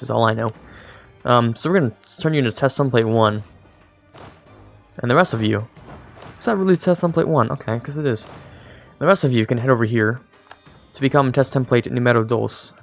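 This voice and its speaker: Here a gravelly, mid-range male voice carries casual commentary on a strategy game. The young streamer rambles, mocks himself, and speaks directly to his units.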